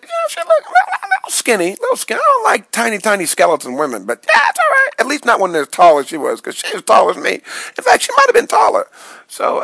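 A man telling a wild dream story as a casual vlog monologue, excitable and swooping between high yelps and low mutters, in a small dry room. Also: gravelly, no echo, poor audio. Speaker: vlogger recounting a dream.

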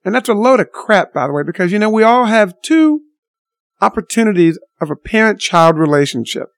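A man's voice: high voice, big pitch swings, fairly quick, no room sound. A man telling a story to his viewers in an unscripted monologue, blunt and indignant, with mild swearing. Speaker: vlogger addressing viewers.

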